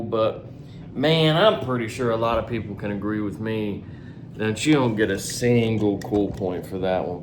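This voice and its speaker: A man hosting a reaction commentary vlog at a middle pitch. He talks sarcastically, mocking the clips he plays and laughing at them. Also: noisy background. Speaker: commentary vlogger.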